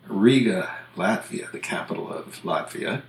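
A man hosting a podcast about language, chatting casually and walking through examples one by one in a relaxed, explanatory way. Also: deep voice, a little slow, creaky. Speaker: podcast host discussing language usage. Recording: roomy echo.

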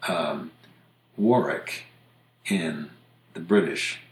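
A man hosting a podcast about language, chatting casually and walking through examples one by one in a relaxed, explanatory way. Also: low-pitched, unhurried, gravelly. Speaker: podcast host discussing language usage. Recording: roomy echo.

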